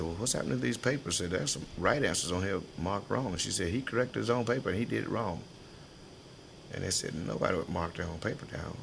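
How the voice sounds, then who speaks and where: An older man remembers his school days for an oral history interview. His voice sits very low and gravelly, and he laughs easily while acting out the people in his stories. A faint background hiss runs under the recording. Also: fairly bright tone. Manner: folksy storyteller, laughs often, acts out voices in his stories.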